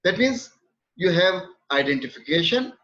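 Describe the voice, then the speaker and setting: A male literature lecturer talks through an academic lecture at a measured pace, pausing often and repeating his key terms. His voice sits a little high for a man. The recording is dull and lo-fi. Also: very animated, pushed and bright.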